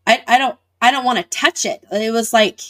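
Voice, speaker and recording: A woman's voice: fairly high pitch, fairly quick, a bit bright. A woman, a guest in an interview, recounting a personal experience and acting out what people said. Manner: vivid retelling with acted-out dialogue. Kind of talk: personal storytelling.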